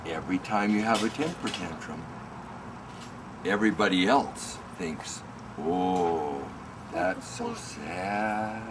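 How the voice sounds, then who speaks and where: A man voicing a male conqueror who whispers a secret quietly and confidingly, in a noisy home recording. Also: fairly low pitch, expressive, measured pace, far from the mic, pitched below the performer's own voice.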